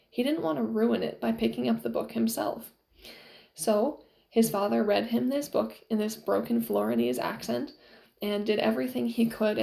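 A woman's voice: a little high, vocal fry, darkish tone. A woman teacher casually retelling a story to her class, slipping into short quoted lines as she goes.

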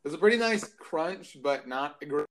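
Young male co-host, slightly high voice, goofy teasing banter. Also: expressive, a little fast, a little hiss or hum. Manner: teasing, goofy mock outrage. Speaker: podcast co-host. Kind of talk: casual chat.

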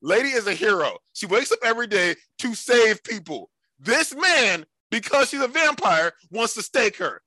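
A man's voice: high-pitched, sing-song, moderate pace, pushed and bright, dry recording, poor audio. A man co-hosting a podcast, arguing animatedly in casual chat and repeating himself to make his point. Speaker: podcast co-host.

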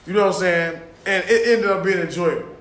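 A man's voice: high-pitched, a little fast, a bit bright, roomy sound. A man telling profane, laughing road-rage stories in casual chat.

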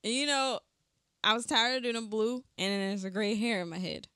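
A woman's voice: fairly high pitch, moderate pace, bright, forceful tone, clean tone, no echo. Young woman, podcast co-host, playful, giggly, dry close sound. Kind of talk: casual chat.

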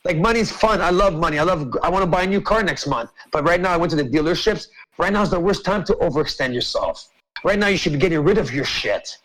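A man's voice: on the high side, expressive, fast talker, a bit bright, rough recording. A man hosting an open-mic group chat, ranting emphatically and swearing a lot. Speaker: host.

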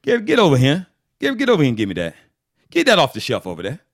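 A man's voice: fairly high pitch, wildly swooping pitch, racing, no room sound, clean studio sound, exaggerated voice. A man voicing a stern Southern father who calls for his son, in a Southern US accent. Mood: bossy. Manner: commanding, scolding.

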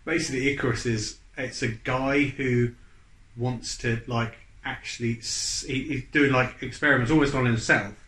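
A man's voice: mid-range voice, fairly even intonation, fairly bright tone. Chatty man in an echoey room. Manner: rambling, halting with restarts and fillers. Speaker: podcast co-host. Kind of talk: casual chat.

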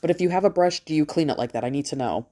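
A woman's voice: low voice, lively intonation, very fast, mellow. A middle-aged woman hosting a podcast, talking in a casual, rambling monologue, blunt and swearing freely. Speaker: podcast host.

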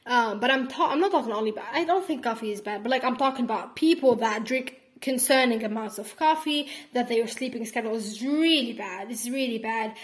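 An eighteen-year-old woman hosting her own podcast, rambling casually with lots of fillers and calling her listeners sweetie. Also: high-pitched. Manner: chatty and rambling, heavy on "like" and "whatever"; affectionate toward listeners, calls them sweetie. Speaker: podcast host. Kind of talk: casual solo podcast monologue.

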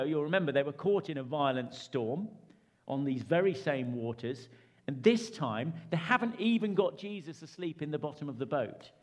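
A man preaching a sermon, with dramatic rises and hushed drops. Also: a little high.

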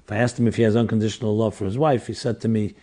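A man's voice: fairly low pitch, little pitch movement, rapid-fire, mellow. A rabbi in his sixties telling a personal story in an earnest, reflective way, often restarting his sentences. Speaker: rabbi teaching classes. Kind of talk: storytelling lecture.

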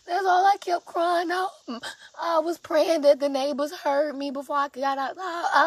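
A woman's voice: very high voice, unhurried, dry recording. A woman in an emotional confessional vlog, exhausted and sleepless, talking in raw, profane outpourings. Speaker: vlogger.

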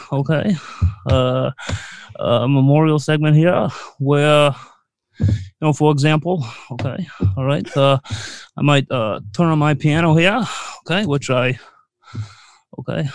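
A man's voice: on the high side, creaky, no room sound, low-quality recording. A man playing a fumbling late-night talk show host who halts and tacks "okay" onto nearly every phrase. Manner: breaks into off-key song snippets. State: short of breath. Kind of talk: comedy bit.

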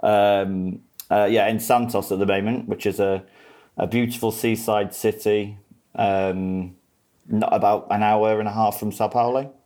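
A man's voice: lowish voice, steady tone, measured pace, darkish tone. A man with a faded Grimsby accent, a guest in a casual podcast chat, laid-back and self-mocking. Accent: Grimsby, Lincolnshire English, diluted. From England.

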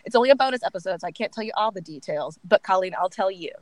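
A woman's voice: medium pitch, animated, very fast, no echo, rough recording. A young woman co-hosting a podcast from home in a chatty, frank, laughing way. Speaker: podcast co-host. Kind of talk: casual chat.

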